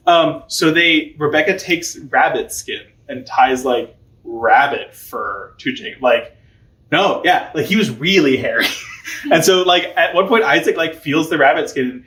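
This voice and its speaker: Chatty young man teaching, fairly high voice. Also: animated, unhurried, a bit bright, echoey room. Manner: chatty and informal, many fillers, laughs often. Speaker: catechism teacher. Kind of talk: casual teaching.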